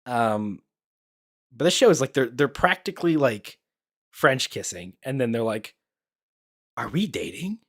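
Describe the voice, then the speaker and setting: A man's voice: medium pitch, expressive, measured pace. A young man giving casual reaction commentary as an anime YouTuber, blunt and profane, rambling with lots of fillers.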